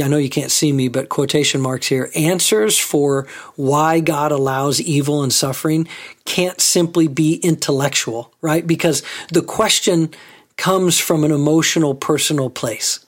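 Guy preaching a sermon, kinda husky, chatty, keeps asking the room stuff. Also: on the high side, measured pace. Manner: conversational, asks rhetorical questions. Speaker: pastor.

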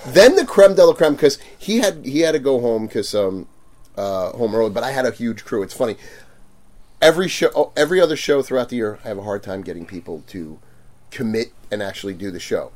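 A man telling stories in a casual chat, animated, laughing and acting out quotes loudly. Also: medium pitch, a little fast. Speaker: guest vendor.

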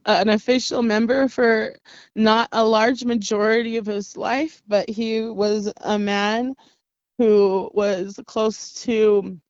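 Woman, 30s, from the Navajo Nation, interview guest, earnest, halting, dry close sound. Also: medium pitch, dry recording, lo-fi sound. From Navajo Nation, US Southwest. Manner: earnest, halting, with frequent restarts and laughs. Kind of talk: reflective personal storytelling.

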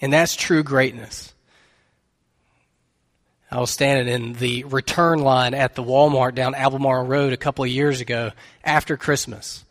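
A man's voice: medium pitch, steady tone, moderate pace, long reverb tail. A man preaching a sermon as pastor, telling a story in an earnest, conversational way.

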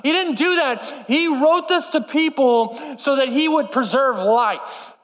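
A man preaching a sermon to a live congregation, impassioned and swinging between urgent and soft. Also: extremely high pitch, unhurried. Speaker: pastor. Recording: long hall reverb.

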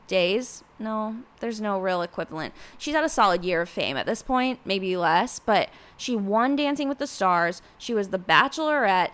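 A young woman talks through a solo podcast recap in a loose, chatty way. She peppers her talk with "like" and slips into quick impressions of people. Her voice sits in an ordinary middle pitch. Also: a bit bright. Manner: chatty, lots of "like" fillers, acts out quotes. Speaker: podcast host.

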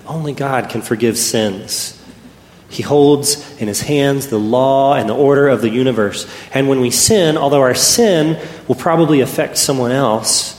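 A man preaching a sermon, telling a personal story and swinging between loud and hushed delivery. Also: mid-range voice. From Texas. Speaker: pastor. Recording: echoey hall with faint ambience.

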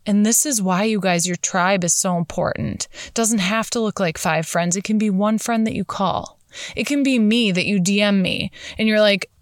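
An earnest, encouraging woman in her thirties speaks straight to her podcast listeners, calling them "you guys" as she cheers them on. Her voice sits at an ordinary middle pitch for a woman. It is recorded close on the mic, with a dry sound and no room echo. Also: normal speed. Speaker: podcast host. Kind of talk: motivational podcast monologue.

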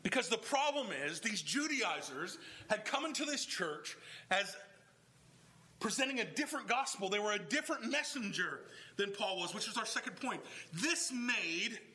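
A man's voice: high-pitched, moderate pace, poor audio. A man preaching a sermon, talking through the text and acting out the voices of the people he quotes. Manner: animated, acts out quoted voices of others. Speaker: pastor.

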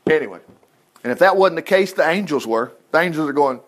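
A man leading a casual Bible study, chatty and folksy, breaking off into asides. His voice sits fairly high for a man. He retells scripture in plain, homespun words. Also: animated, fairly quick. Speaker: Bible teacher.

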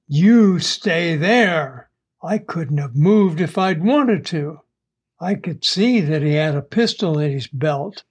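A man narrating a first-person adventure audiobook in a measured, plain storytelling manner. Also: fairly high pitch.

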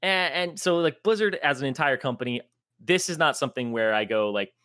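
With a brisk, mid-range voice captured in clean, echo-free studio audio, this gaming podcast co-host, once an esports commentator, goes on exasperated, animated rants. He swears freely and cracks himself up with laughing asides.

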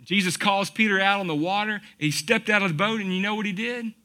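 Man, sermon, high voice, folksy, rhetorical questions. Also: fairly even intonation, brisk, pushed and bright. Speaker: pastor.

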